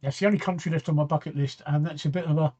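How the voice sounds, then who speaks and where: A man's voice: on the high side, fairly even intonation, very fast, warm tone, highs cut off. A man, hosting a late-night talk stream, rambling and repeating himself as he answers viewer comments. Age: 60s. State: tired, yawning late at night. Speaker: talk show host. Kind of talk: casual live-stream chat.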